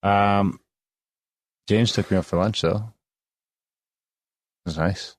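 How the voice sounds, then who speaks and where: Man, very low voice, co-host trading jokes, dry close sound. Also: steady tone, slow, no echo. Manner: teasing, joking banter. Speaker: podcast co-host. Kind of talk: casual chat.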